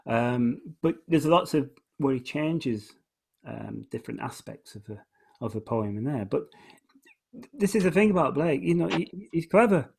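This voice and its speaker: This man, a host and musician, enthusiastically explains poetry in a casual conversation, reading lines aloud, stressing beats, and restarting his phrases often. His mid-range voice is lively in intonation and measured in pace, with vocal fry, a darkish tone, and slight roughness.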